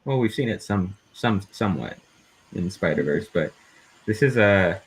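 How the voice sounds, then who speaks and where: Deep voiced guy hosting a chill interview, long rambling questions. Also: animated, normal speed, breathy edge. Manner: asks long winding questions. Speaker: host. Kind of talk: casual interview.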